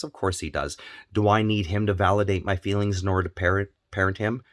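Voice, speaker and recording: Low-voiced male vlogger, earnest and repetitive, dry close sound. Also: a little fast, fairly bright tone, dry recording. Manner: earnest, repeats phrases for emphasis. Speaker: parenting vlogger. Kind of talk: candid personal monologue.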